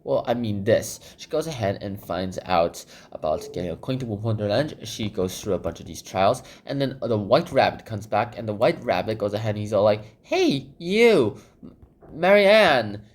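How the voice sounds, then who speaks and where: Man, low voice, casual book summary while drawing, rambling, lots of fillers. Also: a little fast, few pauses, a little mellow. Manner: rambling, filler-heavy, repeats "goes ahead".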